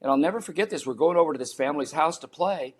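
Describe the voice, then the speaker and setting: An older man, a podcast guest, telling personal stories in an animated way and acting out the people in them. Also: a little high, rapid-fire, slightly rough. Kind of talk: storytelling in a podcast interview.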